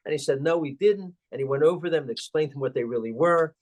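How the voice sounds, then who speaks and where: An older man, a guest on an interview show, telling a story in a halting, anecdotal way with many fillers and chuckles. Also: on the high side, a little mellow. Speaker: guest, organization president.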